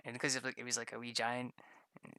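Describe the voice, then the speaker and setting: Casual streamer, bright voice, dry close sound, loose rambling chat with plenty of swearing. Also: mid-range voice, monotone, quick pace, clear, resonant tone, no room sound. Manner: rambling, self-mocking, swears freely; laughs often. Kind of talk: casual livestream chat while drawing maps.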